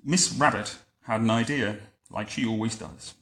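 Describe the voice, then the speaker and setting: A man reading a picture book aloud to a child at home, adding wry, deadpan comments between the lines. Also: lowish voice, moderate pace, vocal fry, a little hiss or hum. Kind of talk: bedtime story reading with joking asides. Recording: roomy echo.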